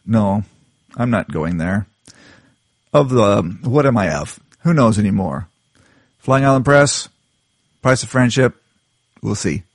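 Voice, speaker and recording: A man's voice: on the low side, lively intonation, takes it slowly, long pauses, no echo, clean studio sound. A man reading his own short story as a contributing writer, with a playful intro. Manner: playful, self-mocking intro. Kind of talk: scripted story narration.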